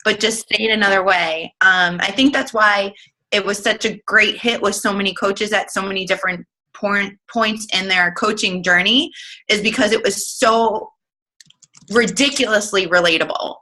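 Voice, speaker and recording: A woman's voice: mid-range voice, steady tone, moderate pace, pushed and bright, rough recording. A woman leading a casual online team call, chatty and giggly, with plenty of fillers. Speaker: team leader hosting a coaching call. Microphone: online group call.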